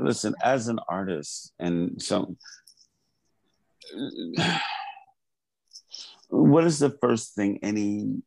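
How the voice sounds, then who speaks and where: A male artist being interviewed speaks earnestly and passionately, often restarting and repeating words. His voice sits low, gravelly and darkish, on a dry, poor-quality recording.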